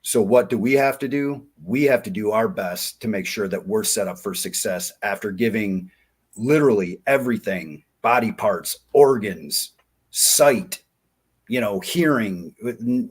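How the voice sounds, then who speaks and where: A man in his forties telling war-buddy stories in a folksy, animated way on a casual interview. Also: fairly low pitch, unhurried, husky. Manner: folksy, animated, acts out quoted dialogue. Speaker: podcast guest, diving company founder.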